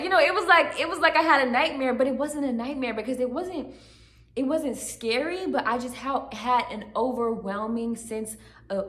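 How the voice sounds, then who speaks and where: A woman's voice: a little high, a bit bright. A woman telling her religious testimony to the camera, earnest and searching, often tagging her sentences with "right?". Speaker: channel host giving testimony. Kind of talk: emotional personal testimony to camera. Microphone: camera facing her. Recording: echoey room.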